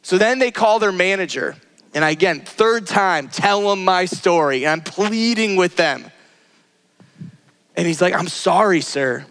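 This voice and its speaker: A man's voice: animated, unhurried, a bit bright, clean tone. A man preaching a sermon as a personal story, earnest and conversational, acting out his own cries and the lines of people he met. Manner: acts out his own cries and quoted lines with rising pitch. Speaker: pastor.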